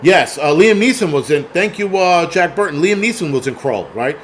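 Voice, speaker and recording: A man's voice: fairly high pitch, expressive, normal speed, a little hiss or hum. A man in his forties hosting a casual livestream, rambling with plenty of swearing and answering chat as he goes. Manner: profane, rambling, reads chat aloud. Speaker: film review livestream host.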